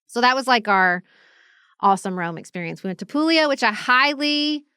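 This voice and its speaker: A woman's voice: a little high, lively intonation, moderate pace, bright, forceful tone, clean tone, no room sound, studio quality. A woman, co-hosting a podcast and chatting in a casual way, telling travel stories and acting out the people she met. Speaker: podcast co-host. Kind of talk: casual chat.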